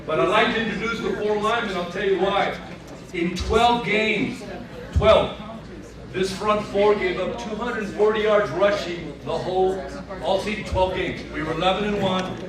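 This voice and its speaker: A man with a fairly high voice emcees the event, announcing honorees in brisk, emphatic bursts. He is heard from a distance in a very echoey hall. A loud crowd chatters all around him. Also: fairly even intonation. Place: banquet room with crowd. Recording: echoey hall, far from the mic.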